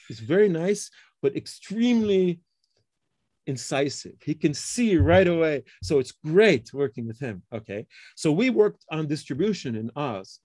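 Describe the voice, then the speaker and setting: Middle-aged prof guy, kinda high voice, dry close mic, keeps saying okay? while he tells his research story. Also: no echo. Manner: explains with frequent tag questions like okay and huh; animated storytelling, acts out quoted colleagues. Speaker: computer science professor, guest. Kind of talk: casual interview conversation.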